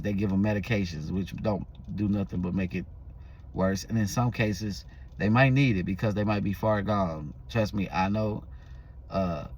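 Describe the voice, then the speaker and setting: A man's voice: lowish voice, a little mellow. Man rambling through a casual story. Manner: loose, rambling, with restarts and fillers. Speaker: vlogger.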